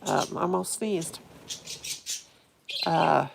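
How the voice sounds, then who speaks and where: A woman's voice: low-pitched, drawn-out words, vocal fry, background noise. A woman hosting a casual home vlog, chatting in a rambling, easily amused way while sitting by a window. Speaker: vlog host. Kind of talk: casual chat to viewers.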